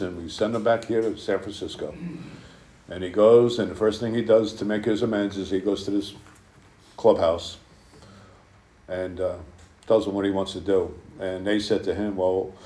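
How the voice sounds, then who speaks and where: Man, low dark voice, blunt conversational storytelling, recovery meeting talk, echoey hall. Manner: conversational and blunt, many fillers. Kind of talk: personal storytelling talk to a group.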